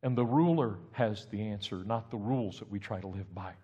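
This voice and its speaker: Impassioned preacher in a reverberant church hall. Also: male voice, lowish voice, a little fast, breathy edge. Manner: impassioned, rising to loud emphatic peaks. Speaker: pastor. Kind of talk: sermon. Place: church sanctuary.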